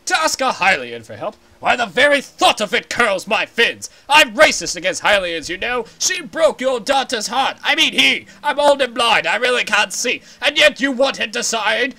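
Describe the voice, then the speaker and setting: A man's voice: very high voice, big pitch swings, moderate pace, creaky, few pauses, bright, forceful tone, pitched above the performer's own voice, full character voice. A man voicing a cranky old fish-man advisor in a comedic game voice-over, ranting indignantly.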